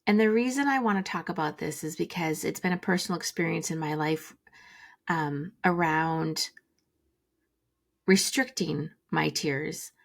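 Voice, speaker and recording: Woman host, gentle reflective solo talk, slight vocal fry, unhurried musing delivery. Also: low voice. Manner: gentle, musing, many fillers. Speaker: podcast host.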